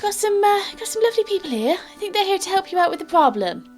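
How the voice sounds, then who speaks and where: A woman voicing a bustling, motherly housekeeper in her late forties, with a high, chirpy, fussing voice. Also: very animated, fast talker, a little mellow, soft background music.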